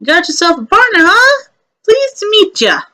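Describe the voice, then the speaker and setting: A woman's voice: very high voice, very animated, moderate pace, bright, forceful tone, pitched above the performer's own voice, heavily acted. A woman reading a game story aloud, voicing a busy, friendly male rabbit courier who is breezy, eager and a little boastful.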